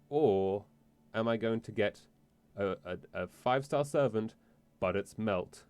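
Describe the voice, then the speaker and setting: A man's voice: fairly low pitch, measured pace, few pauses, darkish tone, clean tone, no room sound. Rambling, swearing male streamer. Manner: rambling, profane and self-interrupting. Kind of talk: casual let's-play chat.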